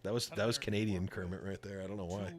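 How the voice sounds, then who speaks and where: A man's voice: low-pitched, fairly even intonation, fast talker. A man from Buffalo, New York, chatting casually as a co-stream host, laughing easily and riffing on impressions. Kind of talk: casual chat.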